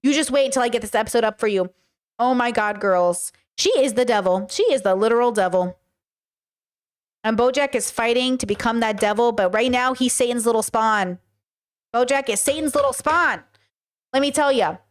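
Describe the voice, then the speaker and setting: Fields: Sex: woman. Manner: chatty, frank, slightly high voice. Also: moderate pace. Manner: chatty, frank, swears, acts out quoted speech. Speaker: podcast host. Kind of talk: casual commentary reacting to chat.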